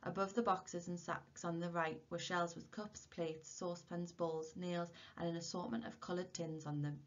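Woman teacher, low voice, reading a story aloud, dull lo-fi recording. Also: moderate pace. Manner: steady, expressive storytelling. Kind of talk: reading a novel aloud to a class.

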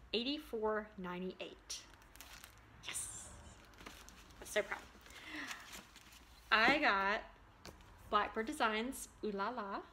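A woman's voice: medium pitch, sharp tone, a little hiss or hum. A woman chatting casually and enthusiastically as a vlogger, showing her cross-stitch purchases with frequent ums. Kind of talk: casual show-and-tell chat.

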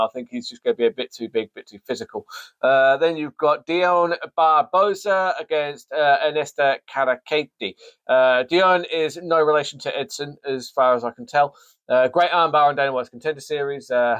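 A man's voice: medium pitch, fairly quick, fairly bright tone, no echo. A man hosting a sports show, casually previewing a fight card with jokey, rambling, self-mocking asides. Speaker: sports podcast host.

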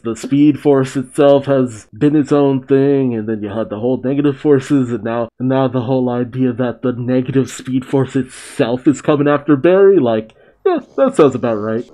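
A man giving casual live reaction commentary to a TV episode, exclaiming, sighing and thinking out loud. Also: mid-range voice. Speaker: reaction video host.

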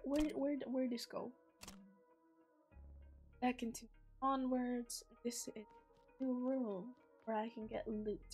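A young woman streamer with a hoarse, sick voice, chatting casually and swearing as she plays. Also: a little high, darkish tone. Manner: chatty, swears freely, thinks aloud. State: hoarse from sickness and morning voice. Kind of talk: casual gameplay commentary.

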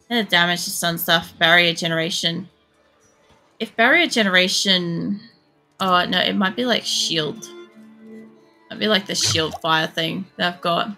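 A woman streamer giving casual, chatty gameplay commentary, swearing freely as she thinks out loud. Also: on the low side, gravelly. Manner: chatty and profane, thinking aloud. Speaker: game streamer.

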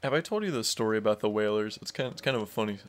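A man's voice: lowish voice, expressive, racing. A man chatting casually while playing a hockey video game, rambling through stories with many fillers and laughing easily. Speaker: let's play co-host. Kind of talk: casual gaming banter.

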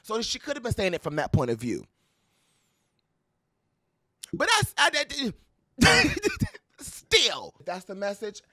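Sassy, high, lively-voiced man. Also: dry recording, clean studio sound. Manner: sassy, dramatic, playful with quick laughs and mock quotes. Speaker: pop culture commentator. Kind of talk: animated casual commentary to camera.

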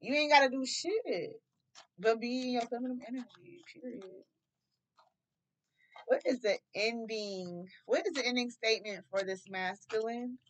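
A woman's voice: on the high side, normal speed, low-quality recording. A young woman doing a casual tarot reading, loose and profane, laughing often. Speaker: tarot reader.

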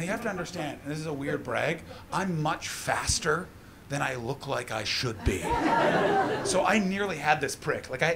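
A man doing a live stand-up routine, loud and profane, shouting his punchlines. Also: fairly high pitch, gravelly. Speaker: stand-up comedian. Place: large comedy venue with live audience. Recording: live stage mic with crowd. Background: audience laughter.

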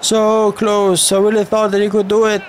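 Excitable young man commentating a football game. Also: sits high, fast talker, a little hiss or hum. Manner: excitable, frustrated outbursts at the referee. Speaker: gaming YouTuber.

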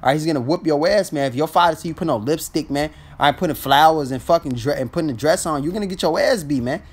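A man's voice: a little high, fast talker, slightly rough. A man teaching scripture in a casual, blunt street style, ending almost every phrase with "man". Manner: blunt and profane when exhorting.

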